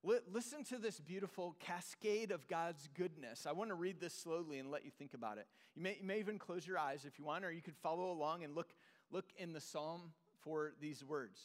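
A man preaching in a church, his slightly high voice ringing with a long hall reverb. He talks earnestly, repeats key phrases, and sinks into soft, low tones to drive a point home. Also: brisk. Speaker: pastor. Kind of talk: sermon.

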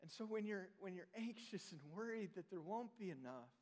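An earnest male pastor with a fairly high voice preaches a sermon. He leans into key points by going soft and slow. His voice rings out with a long reverb, as in a large church hall. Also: lively intonation.

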